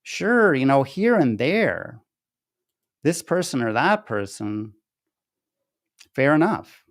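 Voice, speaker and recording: A man's voice: mid-range voice, very animated, takes it slowly. A man commenting on charts he shows on screen, rambling and restarting, then turning emphatic and incredulous. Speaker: political commentary host. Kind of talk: casual screen-share commentary.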